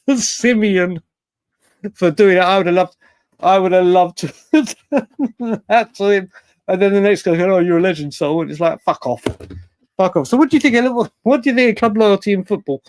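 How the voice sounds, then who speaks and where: A man hosts a late-night live fan show. He is chatty and rambling, laughs often and swears freely. His voice sits a little high, and the sound is dry and close. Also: no echo.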